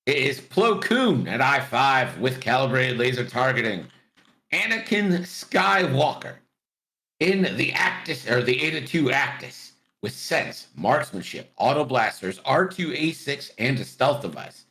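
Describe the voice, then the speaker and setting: Joking guy on a video call, voice jumping all over, talks quick. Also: medium pitch. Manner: fast, animated, jokey. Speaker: guest commentator. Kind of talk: casual chat.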